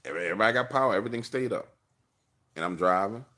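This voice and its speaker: Host in his car spinning a yarn with lots of voices, lowish voice that jumps all over, slangy. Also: animated, rapid-fire, pushed and bright. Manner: slangy, acts out dialogue, laughs often. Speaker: livestream host. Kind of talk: animated personal storytelling.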